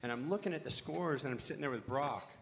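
A man's voice: mid-range voice, quick pace. Middle-aged guy rambling thru a story on a panel, keeps losing the point, swears a lot. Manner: rambling, loses his thread, swears freely. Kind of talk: casual storytelling on a live panel.

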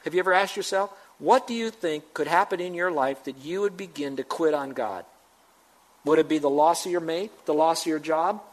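A man's voice: a little high, poor audio. A man preaching a sermon to his congregation as pastor, emphatic and rising to urgent questions.

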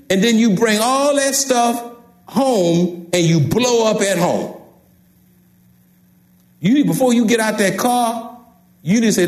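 An older man with a Texan accent preaches a sermon, repeating his key phrases and calling out to the congregation. His voice sits high for a man. The sound rings around an echoey church sanctuary. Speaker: pastor.

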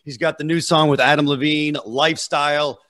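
A man hosting a radio show, brisk and upbeat as he introduces a guest. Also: on the high side, fairly even intonation, a bit bright, a little hiss or hum.

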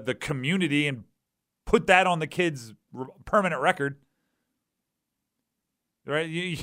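A man hosts a sports talk radio show, riffing in an animated way and slipping into quick impressions of the people he talks about. His voice sits a little higher than most men's. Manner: animated, acts out quoted voices.

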